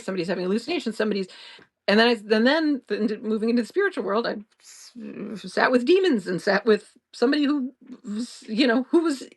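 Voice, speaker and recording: Earnest, rambling woman host. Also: mid-range voice. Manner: rambling, earnest and reassuring, with frequent restarts and laughs. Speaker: podcast host. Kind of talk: improvised casual monologue.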